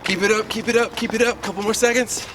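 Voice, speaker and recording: Upbeat coach far from the mic outdoors. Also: male voice, high voice, fairly even intonation, quick pace. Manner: upbeat and encouraging, chatty with fillers. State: a little winded. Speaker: sword fighting coach. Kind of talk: outdoor class instruction, counting reps. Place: outdoors in a residential neighborhood. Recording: distant mic with loud street noise.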